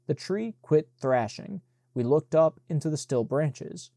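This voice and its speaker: A man reading an audiobook in a measured, unhurried narration. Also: on the high side, lively intonation, mellow, no echo, clean studio sound. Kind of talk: scripted narration.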